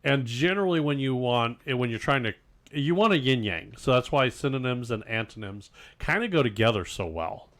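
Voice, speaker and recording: A man's voice: mid-range voice, lively intonation, brisk, fairly bright tone. A man co-hosting a casual podcast, joking about fancy words and mocking pompous speech. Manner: jokey, mocks pompous speech. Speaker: podcast co-host. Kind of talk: casual chat.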